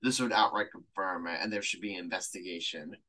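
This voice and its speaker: A man's voice: low-pitched, fairly even intonation, fast, bright, forceful tone. A man hosting a sports podcast, arguing his points eagerly with many fillers. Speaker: podcast host. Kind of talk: casual sports podcast chat.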